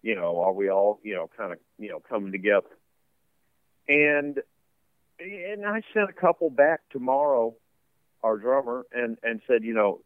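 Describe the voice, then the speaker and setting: Speaking from a home basement studio, a musician being interviewed rambles casually, full of fillers and laughter. He has a lowish voice and a moderate pace. The recording has no room sound and a narrow, tinny quality.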